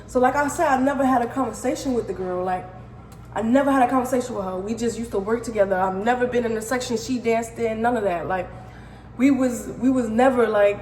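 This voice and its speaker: A young woman with a New York accent telling a profane, animated storytime, full of slang. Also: fairly high pitch, fast, roomy sound, long reverb tail, a little hiss or hum, low-quality recording. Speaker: vlogger. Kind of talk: casual storytime.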